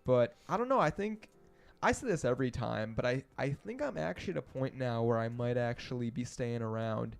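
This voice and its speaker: A young man in his twenties chats as a podcast guest, animated and rambling, with frequent laughter. His voice sits in a mid register. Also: medium pitch, a little fast, vocal fry, few pauses. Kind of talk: casual livestream chat.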